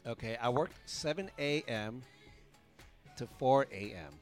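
A man's voice: mid-range voice, lively intonation, measured pace, soft background music. A man co-hosting a casual podcast, upbeat and chatty. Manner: upbeat, reads out listener messages. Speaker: co-host.

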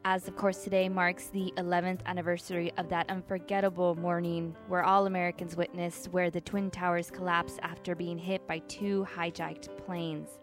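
A woman's voice: lowish voice, flat delivery, normal speed, hardly any pauses, faint music behind. A woman presenting a news segment on a casual podcast, cheerful and giggly in chat, plain when reading.

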